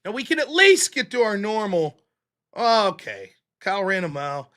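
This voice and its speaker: A man's voice: sits high, big pitch swings, moderate pace, sharp tone. A man hosting a casual livestream, talking in a joking, profane, ranting way. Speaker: livestream host.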